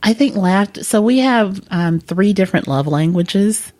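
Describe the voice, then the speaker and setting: A woman's voice: medium pitch, a little slow. A woman guest telling a funny story in conversation, acting out the voices of the people in it. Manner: lively, acts out voices while telling a story.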